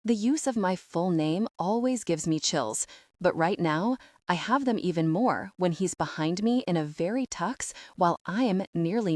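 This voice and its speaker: A woman reads a first-person romance audiobook in a soft, measured, intimate manner. Her voice is on the low side and very dry, as if recorded close in a dead booth. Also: dry recording. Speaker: audiobook narrator.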